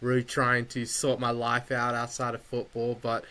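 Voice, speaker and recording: A man's voice: mid-range voice, completely flat delivery, moderate pace, sharp tone. A man, a returning guest on a podcast, chatting in a friendly, easygoing way. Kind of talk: casual podcast chat.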